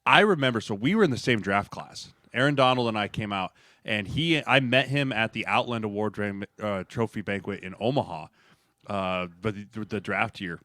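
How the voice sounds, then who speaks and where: A man co-hosting a podcast, chatting casually in a measured, teasing way. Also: on the low side, pushed and bright, dry recording, clean studio sound. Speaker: podcast co-host. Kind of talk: casual chat.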